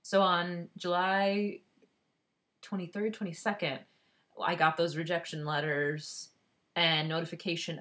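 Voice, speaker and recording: A woman speaks straight to her viewers in a heartfelt, unscripted vlog. She talks candidly, stopping and restarting her sentences, and her voice sits somewhat low for a woman. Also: fairly bright tone. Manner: candid, halting, with many restarts and fillers; earnest and heartfelt. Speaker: vlogger giving a personal update. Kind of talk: emotional personal vlog.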